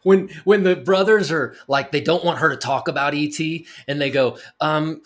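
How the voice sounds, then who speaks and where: A man's voice: on the high side, normal speed, hardly any pauses. A middle-aged man co-hosting a movie review podcast, retelling scenes with energy and acting out the lines. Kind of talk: casual film discussion.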